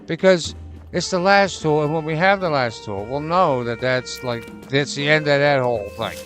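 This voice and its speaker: A man's voice: fairly high pitch, expressive, moderate pace, over music. Man swearing through a casual game commentary. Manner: chatty, swears freely, reads game text aloud. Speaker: gaming channel host. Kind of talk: casual let's play commentary.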